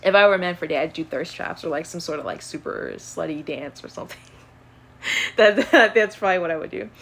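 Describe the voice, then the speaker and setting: A young woman casually answering would-you-rather questions on her own channel, chatty and animated, with plenty of fillers. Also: lowish voice, fast, creaky. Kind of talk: casual chat.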